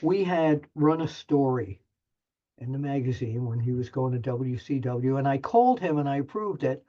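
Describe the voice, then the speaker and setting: A man's voice: mid-range voice, expressive, normal speed, mellow. Older man telling a story, muffled audio. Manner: chatty, self-deprecating, lots of restarts. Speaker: wrestling journalist, guest. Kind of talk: animated storytelling anecdote.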